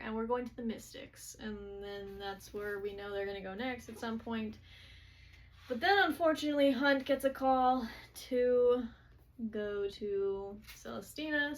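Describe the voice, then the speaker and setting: Woman host, casual recap, chatty with quick asides, slightly higher voice. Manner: chatty, quick quoted asides, filler-heavy.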